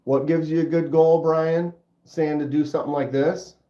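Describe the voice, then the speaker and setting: A middle-aged man with a stuffy nose hosting a casual livestream, chatting with viewers in a laid-back, drawn-out way. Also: a little high, little pitch movement, mellow. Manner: laid-back, drawn-out, says dude and bro. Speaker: livestream host. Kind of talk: casual livestream chat reading comments. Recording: roomy, dull lo-fi sound.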